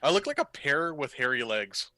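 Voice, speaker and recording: Man, podcast co-host, bright voice, self-mocking banter. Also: fairly high pitch, wildly swooping pitch, moderate pace, no room sound. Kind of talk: casual chat.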